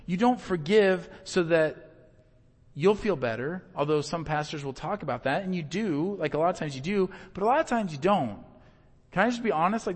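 Man preaching in a reverberant hall. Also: on the high side. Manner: conversational, acts out quoted voices. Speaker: pastor. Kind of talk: sermon.

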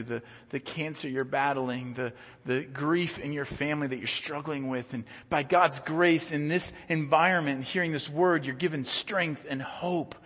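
A man's voice: on the high side, a bit bright, slightly rough. A man preaching a sermon as a pastor in a church, earnest and conversational, often repeating words as he goes. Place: church sanctuary. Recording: long church reverb.

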